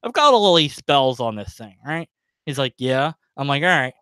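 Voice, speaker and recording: A man's voice: medium pitch, very animated, moderate pace, pushed and bright, clean tone, no echo. A man telling a long, rambling story on his livestream, chuckling as he goes, full of fillers. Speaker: livestream host. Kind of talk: casual storytelling.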